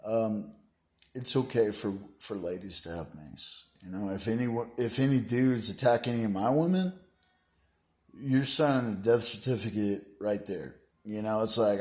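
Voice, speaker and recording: A vlogger with a lowish, darkish voice delivers a rambling, grandiose monologue at a moderate pace, preaching about his plans and stuffing his sentences with "you know" and "like."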